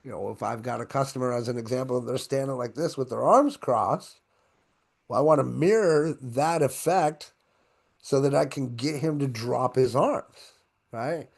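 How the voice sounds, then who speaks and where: A man giving an online sales training to his own camera, talking in an energetic, conversational way and often checking in with "right?". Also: medium pitch, moderate pace, creaky, slightly rough.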